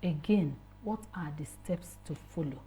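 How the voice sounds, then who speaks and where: A woman's voice: low-pitched, measured pace, dark tone. A woman hosting a radio interview, prompting her guest with short questions and affirmations. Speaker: radio host.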